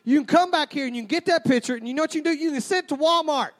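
A man's voice: very high-pitched, racing. A man preaching a sermon, folksy and joking as he calls out to the crowd.

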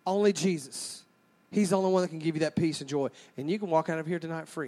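A man's voice: fairly high pitch, fast talker, a little mellow. A man preaching a sermon, folksy and joking as he calls out to the crowd.

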